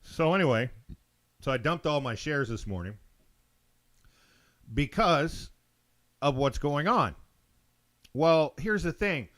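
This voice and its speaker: A man's voice: a little high, animated, slow, pauses often, a bit bright. A man hosting his own show, ranting opinions in a blunt, profane monologue, stumbling and repeating words. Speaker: show host.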